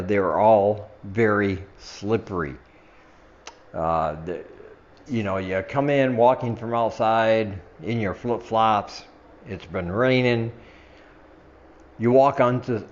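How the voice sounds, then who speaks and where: An older man chatting casually to his viewers in a vlog, laughing at himself and slurring his words a little after some wine. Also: highs cut off. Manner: chatty, laughs at himself, drifts into a low mumble at the ends of phrases. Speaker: vlogger. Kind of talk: casual chat to camera.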